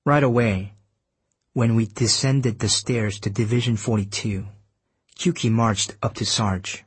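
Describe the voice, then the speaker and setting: A male audiobook narrator telling a first-person story in a steady, measured way. His voice is husky and breathy, and the recording is dry and close with no room sound. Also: lowish voice, no room sound.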